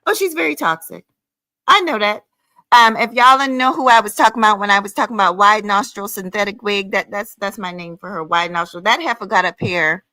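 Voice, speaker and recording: A woman's voice: medium pitch, steady tone, fairly quick, hardly any pauses, pushed and bright, dry recording. A woman hosting her own livestream, ranting heatedly in a sassy, profane, scolding way, calling listeners honey and child. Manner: emphatic, with frequent "honey" and "child". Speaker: livestream host.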